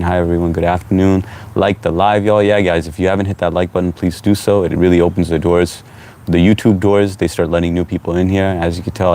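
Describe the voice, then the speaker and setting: A man with a low voice hosts a relaxed live stream from home, reading viewers' comments aloud and greeting each one by name. He talks in a loose, chatty way. Faint background noise sits under his voice.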